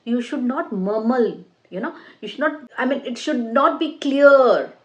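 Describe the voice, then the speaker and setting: A woman who is a former IELTS examiner, giving an exam-prep lesson, explaining deliberately with fillers and restarts. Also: a little high, lively intonation. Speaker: English teacher and ex-IELTS examiner.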